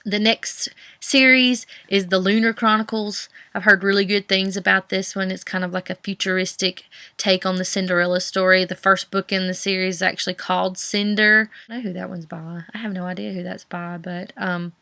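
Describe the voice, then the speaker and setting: A woman's voice: mid-range voice, little pitch movement, normal speed, vocal fry, bright, forceful tone, dry recording. A young woman with a Southern US accent, chatting casually about books on her vlog, rambling with many fillers and restarts. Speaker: book vlogger. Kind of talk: casual chat.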